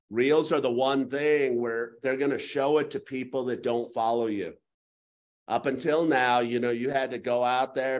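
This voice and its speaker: A middle-aged man teaching a live real estate class, talking in a folksy way and telling stories with quick asides. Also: mid-range voice. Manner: folksy, storytelling, rapid asides.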